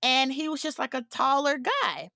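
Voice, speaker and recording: A woman co-hosting a podcast, telling a story in casual chat, animated and laughing as she acts out what people said. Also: high voice, moderate pace, vocal fry, dry recording, clean studio sound. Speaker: podcast co-host.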